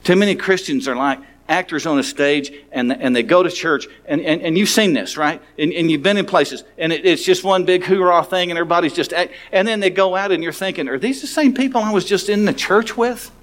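A man's voice: a little high, a little fast, hardly any pauses, fairly bright tone. A man, a pastor, preaching a sermon in a conversational, frank way, often restarting his sentences.

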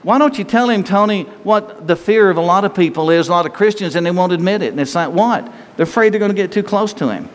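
A pastor preaching a sermon in a conversational way, full of rhetorical questions. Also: male voice, high-pitched, fast, few pauses. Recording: long reverb hall, faint noise.

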